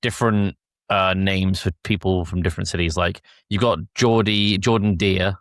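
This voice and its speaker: English podcast co-host, man with a very low voice, dry close mic, quick playful replies. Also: fairly even intonation, no echo. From England. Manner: short reactive replies, playful. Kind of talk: casual chat.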